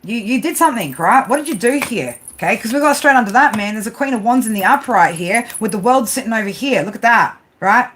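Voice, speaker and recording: A woman's voice: fairly high pitch, lively intonation, fast talker, few pauses, a bit bright. A woman doing a tarot reading who scolds her listeners bluntly, swears constantly and keeps tagging her sentences with "right?". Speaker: tarot reader. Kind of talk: profane tarot reading monologue. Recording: home recording with clear background noise.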